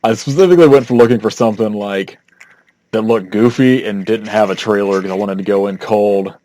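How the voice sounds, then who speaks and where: A man's voice: on the low side, brisk, warm tone, slight background noise. A young man co-hosting a podcast in casual chat, rambling with fillers and laughing often. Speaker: podcast co-host.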